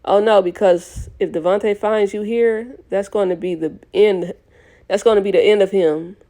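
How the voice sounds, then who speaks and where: Reading a novel casually as an audiobook, this young woman keeps stopping to fix herself and restart lines. Her mid-range voice is warm, with a steady tone and a normal speed.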